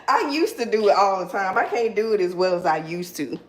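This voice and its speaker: A woman's voice: mid-range voice, very animated, fairly quick, a little hiss or hum. A woman in her forties hosting a casual live chat, who laughs often and answers viewers by name. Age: 40s.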